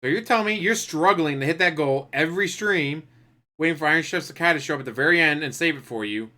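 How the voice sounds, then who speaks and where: A man's voice: on the high side, fast, sharp tone. A man commenting over a clip, cutting in with blunt, profane, mocking remarks. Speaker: commentary channel host.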